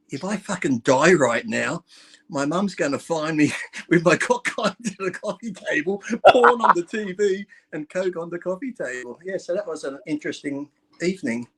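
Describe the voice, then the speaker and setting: Husky man telling crude stories. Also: on the high side, a bit bright. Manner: laughs through his stories. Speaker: guest. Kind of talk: crude casual chat with storytelling.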